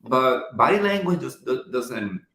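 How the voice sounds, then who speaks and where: A man's voice: medium pitch, big pitch swings, measured pace, gravelly, pushed and bright. A man hosting a casual gossip chat, talking eagerly with lots of laughter and fillers. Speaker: host. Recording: roomy echo.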